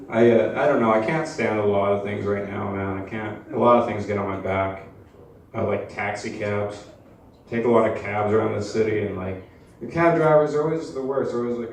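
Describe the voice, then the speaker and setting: A young man performing amateur stand-up in a comedy club, deadpan and hesitant, full of uhs and likes. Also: fairly low pitch, fairly quick. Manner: hesitant, deadpan, filler-heavy. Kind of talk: stand-up routine. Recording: echoey live club, mic at distance, room noise.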